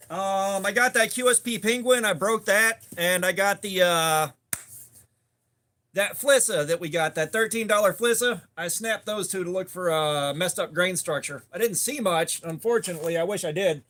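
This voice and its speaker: High, bright-voiced man streaming. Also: measured pace. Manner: laid-back, greets chat viewers by name. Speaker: livestream host. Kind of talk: casual live stream chat.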